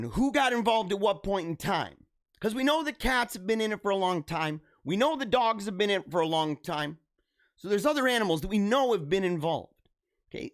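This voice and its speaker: A young man talks through odd news stories in a loose, joking commentary style. His pitch moves widely up and down as he gets excited. He laughs often and circles back over his own phrases. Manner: animated, laughs often, repeats himself. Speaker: commentary show host. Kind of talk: casual reaction commentary.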